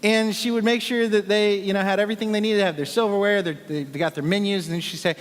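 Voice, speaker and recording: A man's voice: a little high, fairly even intonation, quick pace, few pauses, in a large hall. A man, a worship leader, giving a casual, joking sermon talk full of fillers. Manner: chatty, joking, with many fillers.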